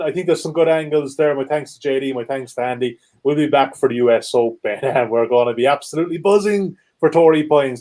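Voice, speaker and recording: A man hosting a golf betting podcast, brisk and teasing as he steers the chat along. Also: a little high, darkish tone. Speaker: podcast host.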